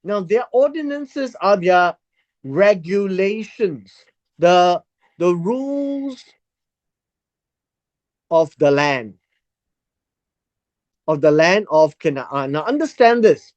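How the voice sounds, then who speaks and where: Slow, lively-pitched Bible teacher. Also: dull audio. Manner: reads verses aloud and explains them word by word.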